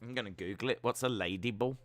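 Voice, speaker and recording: Bright-voiced man rambling on a stream. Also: fairly low pitch, quick pace. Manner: rambling, playful, thinking aloud. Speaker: stream host. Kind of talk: live watch-along chat.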